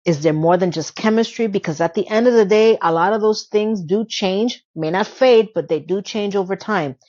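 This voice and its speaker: A woman chatting through a TV episode recap in a middle-pitched voice, dropping sarcastic asides as she retells each scene. The audio is slightly dull and lo-fi. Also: moderate pace, darkish tone. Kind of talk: casual chatty commentary.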